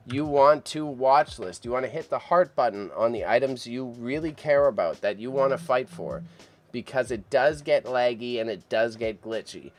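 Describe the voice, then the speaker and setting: A man's voice: mid-range voice, animated, moderate pace. A man hosting a casual live auction stream, chatty and self-deprecating, often repeating himself. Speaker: livestream auction host.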